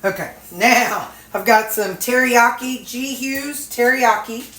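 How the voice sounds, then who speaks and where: A woman's voice: on the high side, steady tone, slow pace, bright, forceful tone. A woman vlogger cooking at home in a casual, folksy way, chatting to her viewers and dogs. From Missouri, USA. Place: home kitchen. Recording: echoey kitchen with sizzling skillet.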